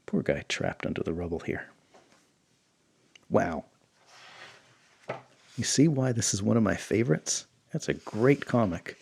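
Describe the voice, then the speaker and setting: A man's voice: on the low side, creaky, mellow, husky. A man hosting a comics channel, reading a comic aloud with enthusiastic, chatty asides.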